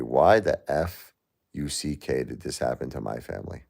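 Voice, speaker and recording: A grieving middle-aged man speaks in an extremely deep voice with a gravelly, creaky edge. His talk is raw and repetitive, moving between anger and quiet disbelief as he speaks on a live stream. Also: animated, moderate pace. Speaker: livestream host. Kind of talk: emotional live-stream monologue.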